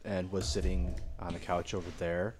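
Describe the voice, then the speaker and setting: A man in casual chat, telling a story in an animated way. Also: low voice, moderate pace, a little hiss or hum.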